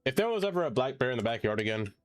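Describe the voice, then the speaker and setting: Over soft background music, a man who isn't American talks very fast in a sing-song, medium-pitched voice. He's live-streaming a game in a casual, playful way, reading the chat aloud, thanking viewers and letting out theatrical groans when he slips up.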